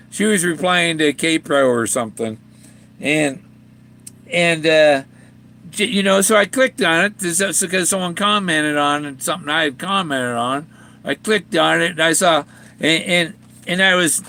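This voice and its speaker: A man's voice: high voice, gravelly, pushed and bright. An older man in a rambling, casual monologue, laughing often and restarting his sentences as he vlogs about a treasure hunt. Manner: rambling, with frequent chuckles and restarts. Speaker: treasure hunt author and vlogger.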